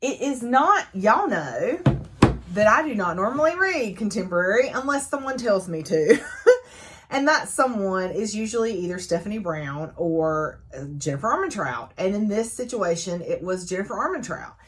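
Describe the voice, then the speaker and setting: Woman, young adult, book reviewer, casual vlog chat, laughs often, fillers, mid pitch. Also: big pitch swings, normal speed, fairly bright tone, a little hiss or hum.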